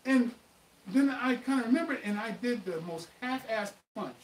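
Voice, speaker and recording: A man hosting a live martial arts Q&A, telling stories in an animated, emphatic way. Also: extremely high pitch, moderate pace, distant mic. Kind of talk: live stream chat and storytelling. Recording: echoey room, voice off-mic, faint noise.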